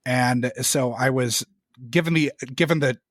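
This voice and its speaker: A young man telling work stories in a casual podcast chat, animated and profane, his voice jumping up when exasperated. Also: mid-range voice, measured pace, no room sound, clean studio sound. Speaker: podcast guest.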